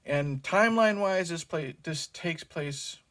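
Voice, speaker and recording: A man's voice: on the high side, a little slow, a bit bright. A man hosting his own movie review channel, talking casually and rambling, with many fillers and self-corrections.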